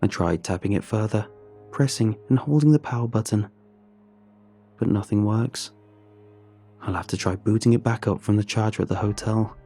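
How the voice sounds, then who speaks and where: A man narrating a first-person horror story in a measured, tense, scripted way. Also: on the low side, dark tone, soft background music.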